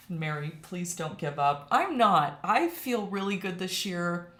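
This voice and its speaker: A woman teaching watercolor on a live stream, talking casually and warmly to her viewers. Her voice sits a little low, and she laughs easily and gets emotional. The sound is roomy and echoey. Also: slow pace. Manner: chatty, emotional, laughs often. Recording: echoey room.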